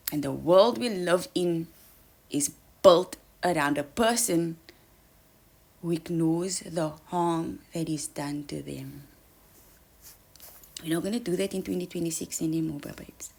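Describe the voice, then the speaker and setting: A woman giving an earnest motivational talk, coaching listeners and calling them babes, sometimes dropping to a soft whisper for emphasis. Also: on the low side, gravelly. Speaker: self-help speaker. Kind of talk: motivational monologue.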